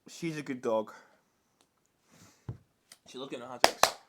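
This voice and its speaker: A man's voice: mid-range voice, measured pace, heavy background noise. A young man, chatting in a casual vlog, rambling with many restarts and scolding and cooing at his dog. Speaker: vlogger.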